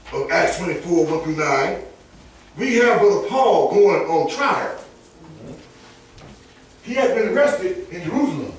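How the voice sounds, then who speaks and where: A high-voiced preacher, his pitch swooping lively from low asides to ringing peaks as he drives each point home. He preaches with emphatic force, sometimes rising to a shout. The sound is heavily echoing, picked up by a mic set far off in a church sanctuary. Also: a little hiss or hum. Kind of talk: sermon.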